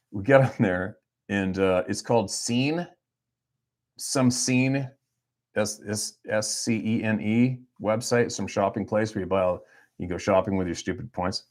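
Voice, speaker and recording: A middle-aged man, talking off the cuff on a livestream, rambling and blunt and swearing freely. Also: fairly low pitch. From Canada. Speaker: hunting guide and livestream host. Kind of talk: casual livestream chat.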